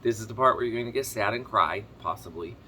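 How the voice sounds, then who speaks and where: A man chatting casually to camera as a farm vlogger, telling a rambling story quickly while sitting on his kitchen floor. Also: fairly low pitch, bright, forceful tone, slight background noise. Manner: rambling, fast-talking storyteller.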